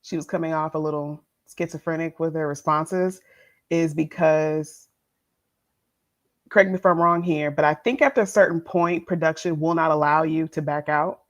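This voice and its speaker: A woman's voice: low-pitched, fairly even intonation, moderate pace. A woman co-hosting a podcast, chatting casually about a reality show, laughing often and acting out the people she quotes. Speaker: podcast co-host. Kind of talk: casual reality TV review chat.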